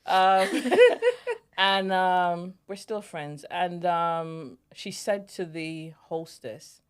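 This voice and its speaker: A woman in her forties hosts a relaxed podcast chat, recounting her memories with animated energy and easy laughter. Her voice sits a bit low for a woman. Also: very slow, clean tone. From Jamaica. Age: 40s. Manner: animated storyteller, laughs easily. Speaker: podcast host. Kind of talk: casual storytelling chat.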